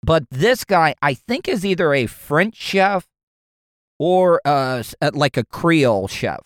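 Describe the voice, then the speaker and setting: A male podcast host talks in a loose, rambling way and gets worked up easily, swearing freely. His voice sits a little on the high side. The recording is dry, with no room sound. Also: slow, no echo. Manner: excitable, profane, rambling. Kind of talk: casual podcast talk.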